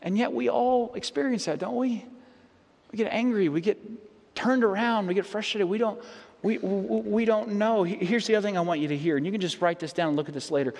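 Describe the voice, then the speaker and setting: A man with a slightly high voice preaches a sermon in an earnest, conversational way. He often restarts phrases and turns to rhetorical questions. His voice carries a long reverb, as in a large church sanctuary. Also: brisk, vocal fry, darkish tone. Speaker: pastor.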